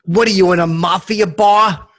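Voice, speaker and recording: A man's voice: high-pitched, steady tone, moderate pace, fairly bright tone. A man voicing a crude, boastful tough guy in a comedy podcast, cocky and swearing as he talks up his own ideas. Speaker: podcast co-host. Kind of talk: comedic character improv.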